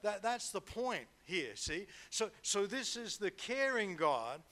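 A man delivers a sermon, his voice pitched high. He talks to the congregation like a conversation, stumbling over repeated words and tagging 'right?' onto his points. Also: sing-song, takes it slowly, bright, forceful tone. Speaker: preacher.

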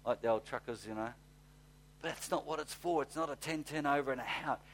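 A fiery preacher with a somewhat high-pitched voice. He drops to quiet, drawn-out scripture reading, then climbs into loud, fired-up exhortation. Blunt, folksy asides run through the whole sermon. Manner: fiery, swings from hushed to shouting. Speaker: pastor.

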